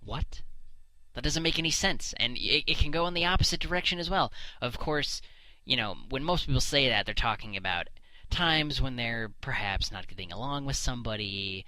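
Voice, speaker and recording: Blunt ranting man, bright voice. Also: medium pitch, moderate pace, no echo, poor audio. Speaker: solo commentary host. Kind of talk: unscripted opinion monologue. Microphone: desk microphone.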